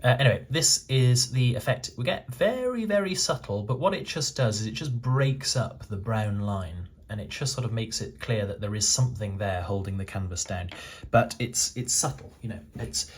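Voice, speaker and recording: Husky-voiced man narrating a model build. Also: on the low side, moderate pace, few pauses. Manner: hesitant, with frequent restarts and fillers. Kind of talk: relaxed tutorial voice-over.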